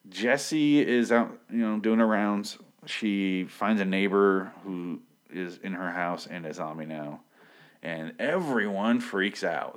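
A man's voice: deep voice, measured pace. A young man giving a blunt, profane, joking recap of a TV episode in a rambling casual style. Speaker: TV show recap vlogger.

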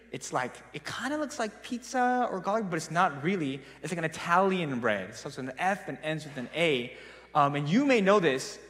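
Raised-voice storyteller preaching in a reverberant hall. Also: male voice, a little high. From South Korea. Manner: animated storytelling, casual and self-mocking. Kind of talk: sermon. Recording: long reverb of a large hall.

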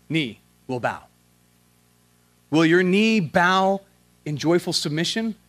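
A man preaching a sermon as a pastor, in a casual, slangy way, swinging from loud emphatic questions to quiet, earnest prayer. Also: on the high side.

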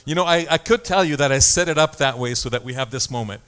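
A man's voice: mid-range voice, fast talker, fairly bright tone, clean tone. A man preaching a sermon as pastor, talking in a conversational way with self-deprecating asides and small stories.

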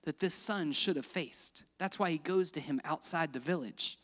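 A man preaching a sermon, swinging dramatically between loud emphatic lines and hushed, quiet ones. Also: a little high, normal speed, long reverb tail. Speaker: pastor.

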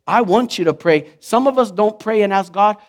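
A man preaching a sermon as pastor, in an animated, conversational way, acting out the voices he quotes. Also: high voice, normal speed.

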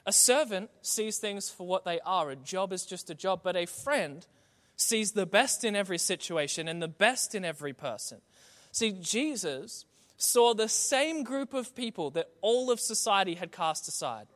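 Man, pastor, sermon, high-pitched, conversational, rhetorical refrains. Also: lively intonation, normal speed, a bit bright.

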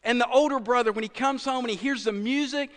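A man's voice: very high-pitched, quick pace, fairly bright tone, big-room sound. A man preaching a sermon in a conversational way, dropping at times from full voice to a near whisper. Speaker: pastor.

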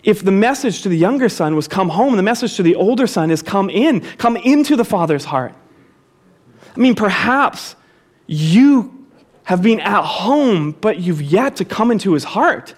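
A man's voice: high-pitched, lively intonation, normal speed. A pastor preaching a sermon to his congregation, repeating key phrases for emphasis and calling the listeners to say them back with him.

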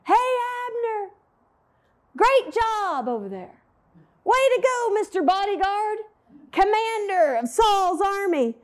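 Woman doing a fiery young king, emphatic, high-voiced, bold. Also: takes it slowly, heavily acted. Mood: taunting. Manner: emphatic, lively retelling.

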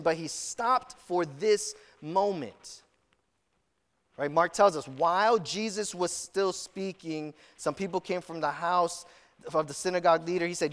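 A man's voice: a little high, fairly bright tone, long reverb tail. A man preaching a sermon as pastor, telling stories earnestly with frequent restarts.

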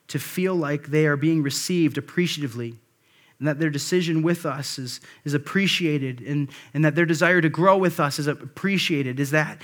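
A man's voice: fairly high pitch, fairly bright tone. A male pastor delivering a conversational sermon, with frequent asides and restarts.

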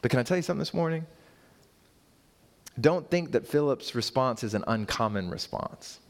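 A man's voice: lively intonation, normal speed. A man preaching a sermon to his congregation, with rhetorical questions, emphatic repeated phrases and playful asides to the church. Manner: builds in pitch and force toward emphatic points, with rhetorical questions. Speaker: pastor.

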